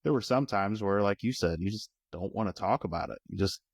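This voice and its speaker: Low-voiced reflective man. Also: a little fast, no echo, studio quality. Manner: reflective, uses "you know" often. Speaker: guest. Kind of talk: casual chat.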